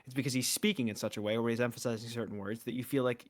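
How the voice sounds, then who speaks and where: A man's voice: mid-range voice, steady tone, racing. A man who casts esports, chatting casually and at length, with lots of fillers and restarts. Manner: talkative, filler-heavy with restarts. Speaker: esports caster. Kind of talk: casual chat.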